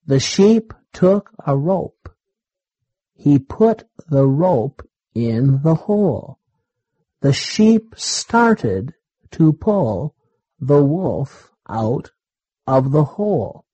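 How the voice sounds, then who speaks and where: A man reading a children's story aloud in a deliberate, simple way. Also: a little high, big pitch swings, mellow, husky, no room sound, highs cut off. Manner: slow, deliberate, repetitive phrasing.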